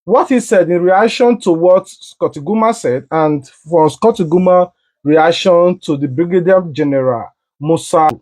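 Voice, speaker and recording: A man with a high voice hosts a commentary vlog, talking straight to his viewers in an earnest, urging tone. He introduces clips and asks the audience to join in. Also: a little slow, darkish tone. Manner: earnest, addressing viewers directly. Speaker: vlog host. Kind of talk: commentary to camera.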